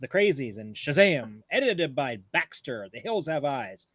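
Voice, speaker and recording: Lively man reading show notes, dry sound. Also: medium pitch, unhurried, no echo. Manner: animated, joking banter. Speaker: podcast co-host.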